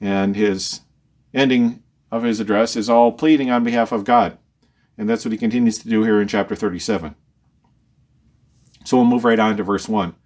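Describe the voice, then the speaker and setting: A man's voice: on the low side, moderate pace, pauses often, a little mellow. A male Bible teacher who explains scripture verse by verse. He reads each verse with lifted emphasis, then explains it in a conversational tone, often repeating words as he thinks aloud.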